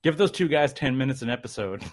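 A man's voice: mid-range voice, animated, quick pace. A man telling a long story in casual chat, rambling with lots of fillers.

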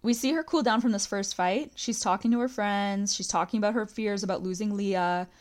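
A woman's voice: mid-range voice, brisk. Chatty woman podcast host. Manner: chatty, recounts scenes with quoted lines, frequent "like". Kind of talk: casual podcast recap.

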